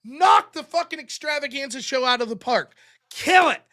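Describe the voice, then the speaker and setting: A man's voice: extremely high pitch, lively intonation, moderate pace, bright, forceful tone. A man hosting his live stream, telling a rambling, profane, self-mocking story about his day in casual chat.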